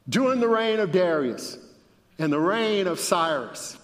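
A man preaching a sermon and reading scripture aloud with dramatic emphasis, his voice rising at the high points. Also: big pitch swings, takes it slowly, in a large hall.

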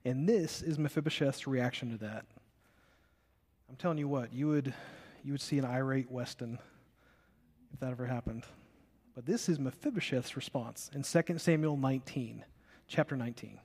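Animated male preacher in a reverberant hall. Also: mid-range voice, normal speed, long pauses, husky. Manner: animated storytelling, acting out biblical characters. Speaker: pastor. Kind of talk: sermon. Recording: long reverb of a large hall.

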